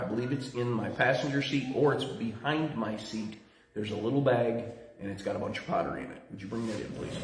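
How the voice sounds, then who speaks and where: A man giving a sermon as pastor, telling a story in an animated way with lively swings in his voice. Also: fairly high pitch. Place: church room. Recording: roomy echo with faint noise.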